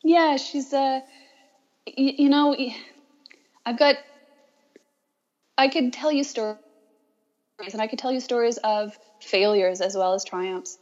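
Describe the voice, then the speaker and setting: A woman's voice: fairly high pitch, fairly even intonation, darkish tone. Hesitant woman on muffled audio. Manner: hesitant, halting, with restarts. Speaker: teacher and guest. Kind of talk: reflective conversation.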